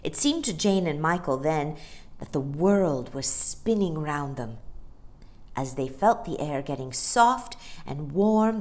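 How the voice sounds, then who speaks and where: A woman reads a children's storybook aloud, slow and unhurried. Her low voice rises and falls widely, dramatic and expressive with every line. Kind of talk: scripted narration.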